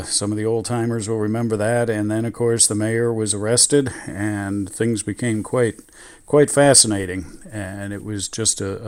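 Male radio guest, lowish voice, reflective, halting restarts. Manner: measured and reflective, with many restarts. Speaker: former radio station manager, guest. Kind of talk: reminiscing radio interview.

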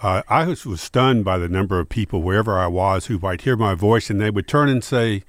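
Wry low-voiced radio analyst. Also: male voice, brisk, no room sound. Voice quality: distinctive voice. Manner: wry, self-deprecating storytelling. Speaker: political analyst, regular panelist. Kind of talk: radio talk show banter. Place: radio studio.

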